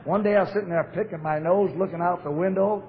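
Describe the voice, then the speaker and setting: A man's voice: high voice, fairly even intonation, quick pace. Older man telling his story in an echoey hall. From Portland, Oregon, USA. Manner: storytelling, blunt, wry humor with fillers. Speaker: AA speaker. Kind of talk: recovery talk to a convention audience. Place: large convention hall. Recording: echoey hall, phone-like narrow sound, faint hiss.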